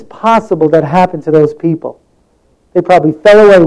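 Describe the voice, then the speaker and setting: A man delivers a sermon in a loose, conversational way, his voice a little higher than most men's and mellow in tone. He tells stories from his own life and slips into the voices of the people in them. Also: brisk, rough recording. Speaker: preacher.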